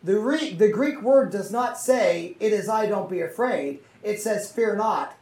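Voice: mid-range voice, lively intonation, measured pace, a little mellow. Bible teacher in a roomy, distant recording. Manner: checks in with listeners using tag questions. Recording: roomy, mic far from the speaker.

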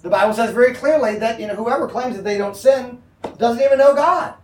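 Brief: male pastor, high voice, conversational Bible teaching, echoey room mic at a distance. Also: brisk, a little hiss or hum. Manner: conversational, checks in with the audience.

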